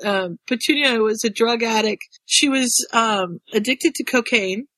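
A woman hosts a casual group call, reading notes aloud in a relaxed way and joking about her own wording. Her voice is close and dry, with no room around it. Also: fairly high pitch, measured pace, dry recording.

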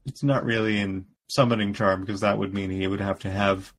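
Low-voiced man recapping a story. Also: normal speed. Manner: relaxed, laughs often while retelling. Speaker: podcast co-host. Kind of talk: casual chat recapping a story.

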